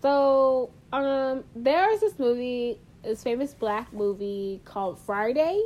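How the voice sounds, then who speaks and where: A woman co-hosting a podcast in casual chat, playful and quick with quips. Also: sits high, expressive, darkish tone, lo-fi sound. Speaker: podcast co-host.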